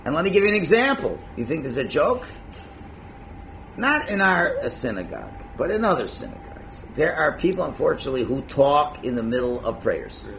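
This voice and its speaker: A man teaching a religious class in a lively, conversational way, acting out little scenes and chuckling at his own points. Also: a little high, fairly quick, gravelly, a little hiss or hum. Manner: animated, acts out quotes, chuckles at own points. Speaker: Torah teacher.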